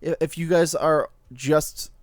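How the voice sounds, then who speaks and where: A man co-hosting a casual podcast, talking in an animated way and laughing often. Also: on the high side, measured pace, a crowd in the background. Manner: animated, laughing often while reading aloud. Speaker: podcast co-host. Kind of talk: casual chat.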